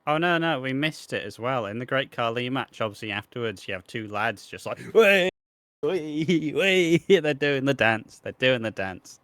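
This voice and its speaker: Bright-voiced man in laid-back podcast chat. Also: medium pitch, normal speed, hardly any pauses, dry recording. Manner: laid-back, swears freely, trails off with ums. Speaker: podcast co-host. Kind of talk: casual chat about wrestling.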